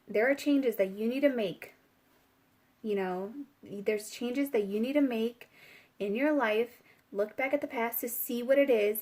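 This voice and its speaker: A young woman giving a casual, rambling spiritual tarot reading, chatty with lots of fillers and giggles. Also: medium pitch. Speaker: tarot reader.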